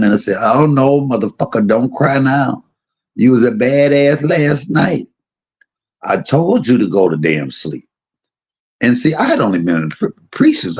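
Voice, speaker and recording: A middle-aged man casually telling a personal story, animated and laughing, using street slang and acting out quotes. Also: sits low.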